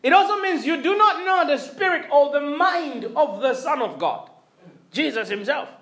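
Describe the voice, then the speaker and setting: A man's voice: very high-pitched, animated, normal speed, a bit bright, far from the mic. A man preaching a sermon, emphatic, repeating his phrases and calling out to the congregation for response. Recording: echoey room.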